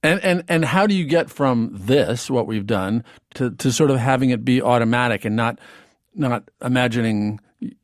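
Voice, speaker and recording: A man hosting a radio interview, with halting questions full of restarts. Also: medium pitch, no echo, studio quality. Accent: put-on British accent in readings. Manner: halting, restarts questions, tries a posh accent. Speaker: radio host. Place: radio studio. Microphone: studio mic.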